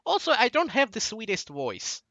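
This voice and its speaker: A man's voice: sits high, wildly swooping pitch, moderate pace, bright, forceful tone, dry recording, lo-fi sound. A young man in his late teens with a Russian accent, rambling through a casual monologue that drifts off track. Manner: digressive, loses his train of thought. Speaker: channel host.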